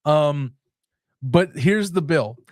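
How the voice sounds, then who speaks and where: Man, fairly high voice, dry close sound; rambling, laughing sports-podcast talker. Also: lively intonation, extremely slow, no echo. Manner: rambling, self-interrupting, laughs often. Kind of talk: casual sports chat.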